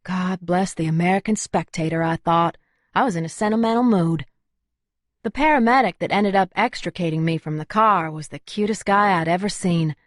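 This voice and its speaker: A woman's voice: lowish voice, normal speed, no room sound, clean studio sound. A woman narrating a first-person audiobook in a wry, conversational way.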